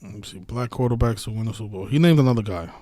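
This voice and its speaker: A sports betting video host runs a casual live stream, racing along in a lowish, warm voice with no echo. He's heated and profane, rambling with many restarts.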